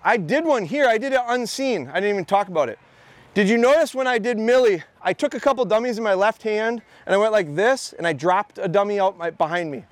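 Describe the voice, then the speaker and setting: Man, high voice, dog trainer, live outdoor seminar, energetic repetitive coaching. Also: brisk, no echo. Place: outdoor expo training area.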